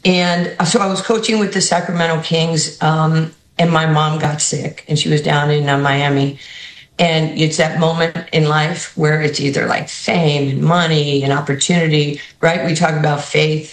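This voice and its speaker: A woman with a New York accent, coaching basketball, tells stories in an interview. She acts out the people she quotes with an animated, lively delivery. Her voice carries a roomy studio echo. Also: low-pitched, normal speed. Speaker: basketball head coach, guest. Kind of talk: storytelling interview answers.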